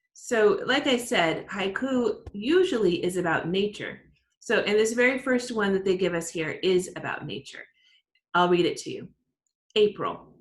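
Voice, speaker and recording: A woman teacher giving an online writing lesson to her class, upbeat and encouraging, explaining slowly. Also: on the low side, a bit bright. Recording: roomy echo.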